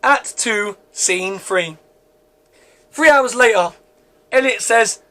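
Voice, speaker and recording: A man's voice: high-pitched, slow pace, pushed and bright. A man reading aloud his own script as narrator, with frequent stumbles and restarts. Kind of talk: script read-through narration.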